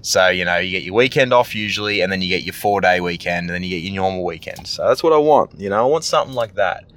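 A man's voice: sits low, quick pace, a bit bright. A young Australian man, a tradesman, venting bluntly and with heavy swearing in a casual monologue. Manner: blunt, profane ranting.

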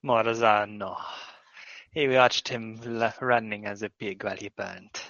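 A man narrates as a tabletop game master, his low-leaning voice steady, a little slow, and fairly bright, with no room sound. He rambles with plenty of fillers and restarts, captured in dull lo-fi audio.

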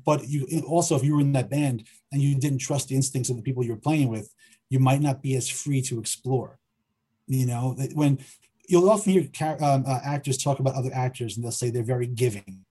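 A middle-aged man, a filmmaker and writer, talking through his process in a relaxed interview, often repeating words as he thinks. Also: medium pitch, a little fast, breathy edge. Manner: hesitant, repeats words while thinking aloud. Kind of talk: conversational interview.

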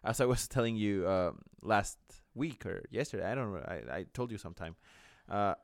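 A man co-hosting a gaming podcast, talking casually and pausing often to search for his words. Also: fairly low pitch, animated, vocal fry, no room sound, studio quality. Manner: hesitant, many fillers, searching for words. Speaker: podcast co-host.

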